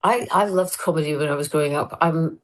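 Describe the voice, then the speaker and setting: A Scottish woman, a comedian guest, telling lively anecdotes in a casual interview and acting out the quotes. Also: sits low, a little fast. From Scotland. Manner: animated anecdotes with acted-out quotes.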